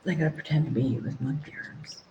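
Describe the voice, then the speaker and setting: A woman's voice: sits low, steady tone, fast, dull audio, noisy background. A woman chatting playfully and teasing her partner on a livestream. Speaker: co-host on a livestream. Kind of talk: casual chat. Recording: roomy echo.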